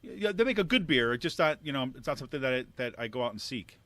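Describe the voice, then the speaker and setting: A man co-hosting a podcast in casual chat, animated and joking, often breaking into laughter. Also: medium pitch, fast talker, dry recording. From not Pennsylvania. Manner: animated, laughs a lot, jokey asides. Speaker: podcast co-host.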